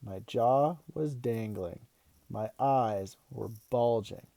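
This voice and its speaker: A man reading a children's novel aloud in an even, expressive storytelling manner. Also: mid-range voice, takes it slowly, creaky, no echo. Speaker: read-aloud host.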